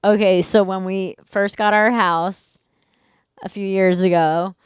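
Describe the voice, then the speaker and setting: A woman's voice: medium pitch, fairly even intonation, slow pace, smooth, dry recording, studio quality. A young woman co-hosting a casual comedy podcast at home, a chatty storyteller who laughs along. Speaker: podcast co-host.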